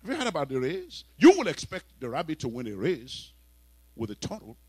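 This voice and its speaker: A man with a Nigerian accent preaching a sermon, telling stories and breaking into sudden loud exhortations. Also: fairly high pitch, huge pitch swings, fairly quick, husky, no echo, poor audio.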